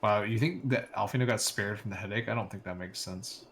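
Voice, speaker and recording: A man co-hosting a casual game playthrough, joking around and quick to say sorry. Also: lowish voice, a bit bright, slight background noise. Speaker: let's play co-host. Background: game music.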